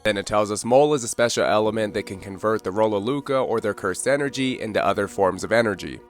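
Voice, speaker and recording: A man's voice: fairly low pitch, fast talker, faint music behind. A man narrating a casual manga chapter recap, reading characters' lines aloud in a loose, conversational way. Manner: reads dialogue aloud in a loose conversational way, "kinda", "like".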